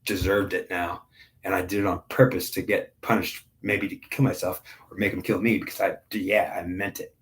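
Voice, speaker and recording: A man in his forties tells a personal spiritual testimony with raw, intense emotion. His voice sits somewhat low, and he speaks bluntly, swearing freely. He often stumbles and restarts his sentences. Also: little pitch movement, normal speed, fairly bright tone. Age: 40s.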